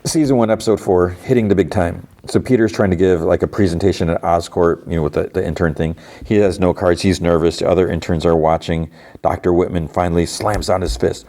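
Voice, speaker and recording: A man's voice: low-pitched, fairly even intonation, a little fast, warm tone. A man hosting a podcast, casually recapping a cartoon episode in a loose, rambling way. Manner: rambling, lots of "like" and restarts. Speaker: podcast host.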